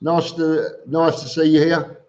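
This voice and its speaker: A man's voice: on the high side, flat delivery, unhurried, a little mellow. A man hosting a casual live stream, greeting viewers by name and answering their questions with chatty, joking asides. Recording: dull lo-fi stream audio.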